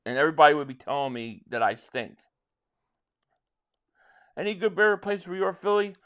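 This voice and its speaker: A man's voice: on the high side, lively intonation, fairly quick, a bit bright, clear, resonant tone. A man from South Jersey hosting a live stream, chatting casually and rambling as he answers viewer comments, with frequent restarts. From South Jersey, near Philadelphia.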